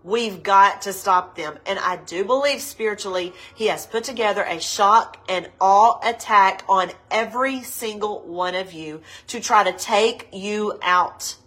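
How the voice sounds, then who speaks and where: A woman preaching a livestreamed sermon to women, her nose stuffed up, slow and emphatic, repeating her points with passion. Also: medium pitch, a bit bright, low-quality recording.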